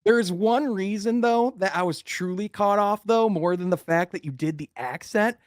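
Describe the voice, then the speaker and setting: A man's voice: high voice, normal speed, no room sound, studio quality. A young man co-hosting a casual podcast, teasing his partner and laughing along. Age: young adult. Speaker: podcast co-host.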